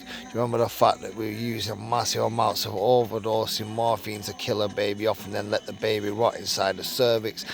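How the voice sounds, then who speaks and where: A man's voice: lowish voice, little pitch movement, a little fast, creaky, hardly any pauses. A man with a northern English accent reads a true crime story aloud. He breaks off into blunt asides and swears freely. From England. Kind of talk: reading an article aloud with casual asides.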